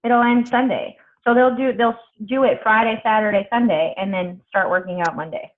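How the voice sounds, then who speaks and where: A woman's voice: a little high, fairly even intonation, moderate pace. A woman coaching her team on a video call, chatty and blunt, swearing freely. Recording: tinny phone-like video call audio.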